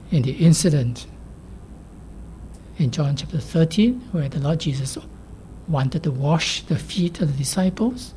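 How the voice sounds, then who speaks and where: Woman preacher, low mellow voice, measured and emphatic, soft near-whispers, faint hiss behind. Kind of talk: sermon.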